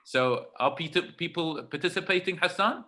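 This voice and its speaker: At normal speed, a man with a fairly high, pushed and bright voice leads a religious talk on a video call. He repeats phrases emphatically and checks in with listeners by asking "right?"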